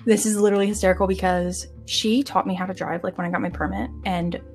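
A woman's voice: on the low side, steady tone, quick pace, a little mellow, faint music behind. A young woman co-hosting a casual podcast, telling stories with a slight stutter on some words. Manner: giggly, chatty storyteller with a slight stutter on m-words. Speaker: podcast co-host.

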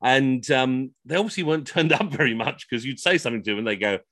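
A middle-aged man telling comic anecdotes on a video call, animated and slipping into funny voices for the people in his stories. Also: mid-range voice, fast talker, dry recording. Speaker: costumed Henry VIII entertainer telling stories.

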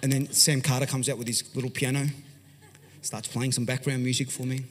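An Australian pastor telling a story in an animated, conversational sermon, swinging from loud to hushed. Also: male voice, mid-range voice, fairly quick. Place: large church hall. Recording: long hall reverb.

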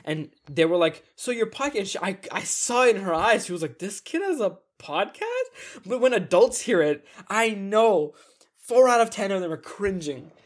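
A young man co-hosting a podcast in casual chat, animated and fond of acting out other people's lines. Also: normal speed. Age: young adult. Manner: animated, acts out quoted people in high voices. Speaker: podcast co-host.

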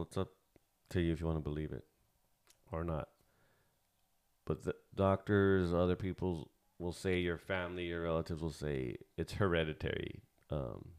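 This man in his thirties co-hosts a casual podcast, wandering off on tangents, cursing openly and using plenty of fillers. He has a low voice with a clean tone.

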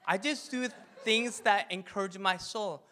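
A pastor, a man, giving an animated, jokey sermon and leading the crowd in call-and-response chants. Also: sits high, unhurried. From Korean heritage. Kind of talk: sermon talk.

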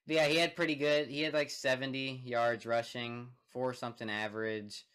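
Relaxed young man running the show. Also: medium pitch, unhurried, smooth. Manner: relaxed, laughs along, runs the segments. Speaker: podcast co-host. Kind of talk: casual sports chat.

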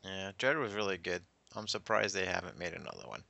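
A man with a gravelly, bright voice, teasing friends in a relaxed podcast chat. The sound is dry and close. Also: deep voice, a little fast, no room sound. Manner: teasing, laughing. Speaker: podcast co-host. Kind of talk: casual group chat.

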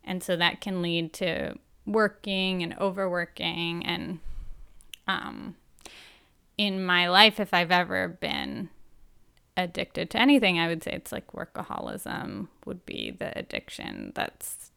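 In a personal monologue, a woman speaks slowly and gently, sounding candid and self-reflective. Her fairly low, expressive voice is bright and smooth, and her phrases trail off into a noticeable creaky fry.

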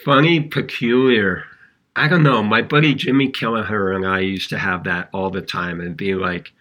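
A man co-hosting a podcast, chatting casually and telling stories in an animated way. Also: on the low side, moderate pace. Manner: animated storyteller, chuckles while recounting funny stories. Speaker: podcast co-host. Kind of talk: casual conversational podcast chat.

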